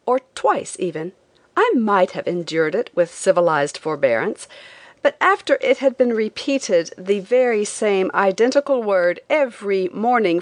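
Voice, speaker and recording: A woman narrating a travel memoir as an audiobook, with an expressive reading. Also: mid-range voice, no echo. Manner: expressive, lively delivery.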